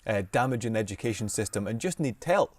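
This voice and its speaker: A man's voice: lowish voice, animated, fast talker, no echo. A Scottish man, a broadcaster interviewing a guest, reacting with enthusiasm and asking follow-up questions. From Scotland. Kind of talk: conversational interview.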